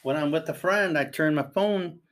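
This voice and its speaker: A grandfather delivers long, casual commentary, wandering from topic to topic as he reads news aloud, responds to it, and offers earnest guidance to parents. His voice is fairly high and a bit bright, moving at a moderate pace.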